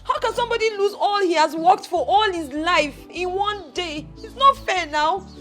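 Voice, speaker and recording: Emotional young Nigerian fiancée, very high, pleading. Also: female voice, moderate pace, fairly bright tone, soft background music. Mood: distraught. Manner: wailing, pleading. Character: distraught young woman, engaged, emotional. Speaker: grieving fiancée. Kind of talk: film acting.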